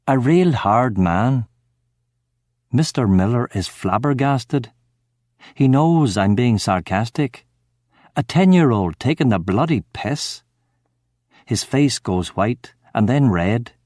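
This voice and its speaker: A man giving steady, measured first-person narration of a crime novel audiobook. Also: mid-range voice, no room sound, clean studio sound.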